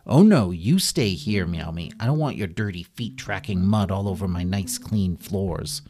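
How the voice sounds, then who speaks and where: A man doing a sassy high-pitched cat. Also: lively intonation, normal speed. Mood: bossy. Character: sassy, feisty female cat.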